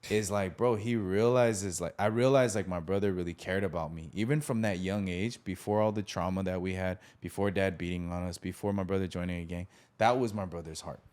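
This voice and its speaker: A man in his thirties casually telling a childhood story as the podcast host, animated, acting out voices and laughing often. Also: deep voice, a little fast, hardly any pauses.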